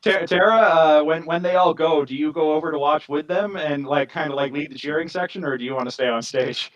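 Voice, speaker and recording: A man running a tabletop game as game master, lively and quick to slip into voices for side characters. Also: a little high, lo-fi sound.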